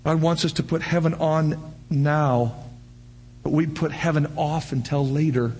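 An older man preaching a sermon, firing off rhetorical questions and breaking into animated shouts. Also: a little high, unhurried, slightly rough. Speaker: pastor.

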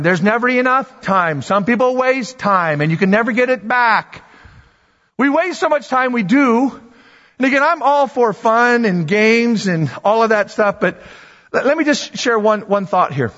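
Male pastor, high voice, lively chatty sermon delivery, muffled recording in a reverberant hall. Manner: animated, conversational preaching with repetitions and asides to the congregation. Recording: dull sound with long hall reverb.

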